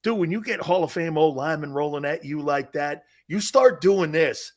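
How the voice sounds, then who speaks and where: A man's voice: a little high, moderate pace. A man in his fifties hosting a casual sports live stream, bantering and reading viewer chat aloud. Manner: animated, bantering, often laughing. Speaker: sports show host.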